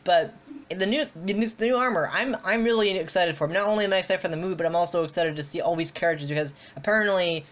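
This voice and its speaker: Rambling podcast host, dull lo-fi sound. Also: male voice, sits high, fast, fairly bright tone. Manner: rambling, filler-heavy, many restarts. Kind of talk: casual online chat. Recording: dull lo-fi audio.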